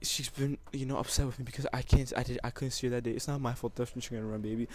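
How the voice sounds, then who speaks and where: A man's voice: medium pitch, fairly even intonation, very fast, darkish tone. A young man making an emotional, teary proposal over a gaming commentary, rambling and repeating himself. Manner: rambling and repetitive, often saying basically. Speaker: YouTuber.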